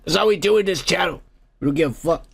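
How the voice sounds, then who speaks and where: A man's voice: fairly high pitch, fast talker, vocal fry, a little hiss or hum. A man hosting a comedy podcast, ranting crudely about the news and raising toasts while drinking. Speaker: podcast host. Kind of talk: profane comedic news rant.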